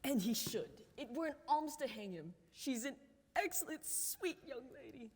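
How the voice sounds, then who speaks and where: A performer playing a noble prince who declaims his lines in a stage play, sometimes rising to a shout. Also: sits high, expressive, normal speed, breathy edge, heavily acted. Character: noble prince scheming with friends. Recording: reverberant hall, faint noise.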